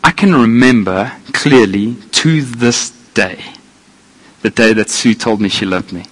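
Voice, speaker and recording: A man preaching a sermon, animated and self-deprecating, swinging from quiet asides to loud exclamations. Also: lowish voice, unhurried, rough recording. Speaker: pastor.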